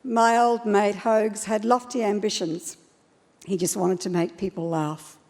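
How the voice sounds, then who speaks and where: Woman presenter, mellow, measured, hall reverb. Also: mid-range voice, steady tone, slight background noise. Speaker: awards presenter. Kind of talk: scripted tribute presentation. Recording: stage speech in a reverberant hall.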